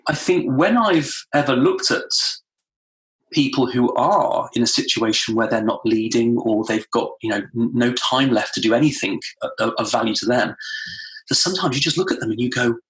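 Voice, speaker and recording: Man, podcast guest, animated storyteller, mid-pitched voice, echoey room. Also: normal speed. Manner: animated storytelling, acts out quotes with rising pitch. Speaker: guest, time management trainer. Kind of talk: podcast interview. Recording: roomy echo.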